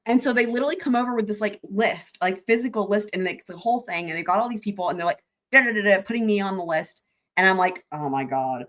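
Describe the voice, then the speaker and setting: A woman's voice: mid-range voice, fast talker. A young adult woman hosting a livestream, telling a story in casual chat, laughing often and swearing freely. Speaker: livestream host.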